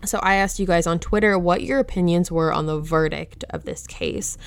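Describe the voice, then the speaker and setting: A woman's voice: lowish voice, normal speed, smooth. A woman hosting a true crime podcast who speaks outspokenly and with indignation, openly stating her own opinion, close to the microphone. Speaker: podcast host.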